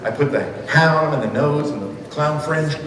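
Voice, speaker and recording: A man's voice: fairly high pitch, normal speed, a crowd in the background. A man from telling comic stories to an audience and acting out the people in them. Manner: animated, acts out the people in his stories. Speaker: school assembly speaker and storyteller. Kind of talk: comic storytelling talk to an audience. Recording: echoey hall, heard from a distance.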